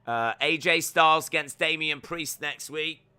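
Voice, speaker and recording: Young man, live reaction stream, bright forceful voice, dry close sound, joking and rambling. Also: on the high side, a little slow, clean tone, no echo. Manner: joking, rambling, reads viewer comments aloud. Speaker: watch-along streamer.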